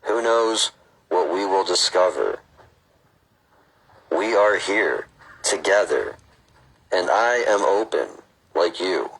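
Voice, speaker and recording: A man reading aloud as a calm, gentle AI presence that is open and curious, in a slow, soothing delivery. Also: low voice, slightly rough, voice pushed up, full character voice, low-quality recording. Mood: serene.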